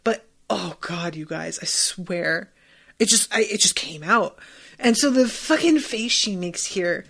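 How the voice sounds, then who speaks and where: A woman hosting a podcast, recapping a TV episode in a casual, profane, animated way. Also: on the low side, measured pace, vocal fry. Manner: animated, profane, bursts into laughter.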